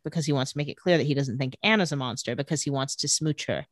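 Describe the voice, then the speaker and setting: A woman's voice: low-pitched, fast, dry recording. A young woman co-hosting a podcast, casually recapping a TV episode and lightly acting out the characters' lines. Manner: animated, giggly, acts out quotes lightly. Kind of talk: casual chat, retelling scenes.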